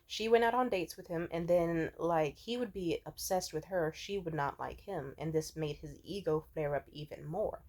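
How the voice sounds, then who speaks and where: A woman's voice: on the low side, unhurried, darkish tone. A young woman giving casual commentary on fictional characters, blunt and profane in how she tells it. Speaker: video essayist.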